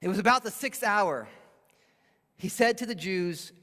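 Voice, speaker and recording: This pastor's voice is high-pitched, animated, pushed and bright, and he speaks a little slowly. Preaching expositorily in a church sanctuary with long reverb, he explains a Bible passage and briefly acts out those quoted in it.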